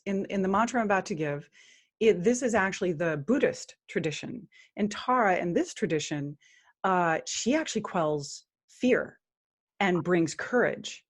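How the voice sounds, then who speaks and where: A woman speaking as a guest on a podcast in an earnest spiritual interview, at times chanting mantras slowly. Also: medium pitch.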